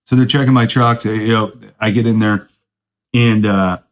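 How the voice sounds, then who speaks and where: This young podcast host has a fairly low, steady voice and talks at a moderate pace over poor audio. His casual storytelling monologue is full of laid-back surfer slang and "dude," and he laughs at his own self-mocking tales.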